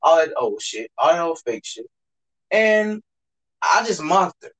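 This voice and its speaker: Young male podcast storyteller, lively pitch, slangy and profane, loves to mimic voices. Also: unhurried, poor audio. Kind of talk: casual storytelling chat.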